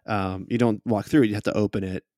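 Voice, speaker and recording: A man narrating a tabletop game as game master, his voice mid-pitched and unhurried. He describes each scene slowly, with frequent fillers. The recording is dry and close. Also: steady tone, mellow, dry recording.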